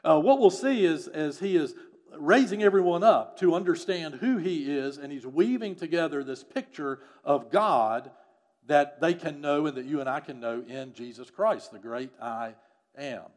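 Higher-voiced man preaching a sermon. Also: moderate pace. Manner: explanatory teaching, drops softer on key phrases. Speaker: pastor. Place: church or studio with a screen.

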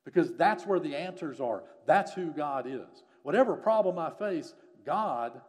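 A man preaching a sermon on a psalm, earnest, rising to emphasis and dropping soft again. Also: fairly high pitch, lively intonation, measured pace, big-room sound. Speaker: pastor.

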